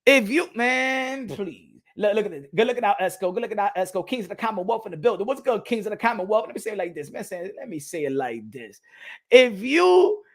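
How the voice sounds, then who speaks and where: High, gravelly man ranting loudly. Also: very animated, brisk. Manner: loud, profane, heated ranting; talks straight to his viewers and chat. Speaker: boxing channel host. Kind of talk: ranting livestream commentary.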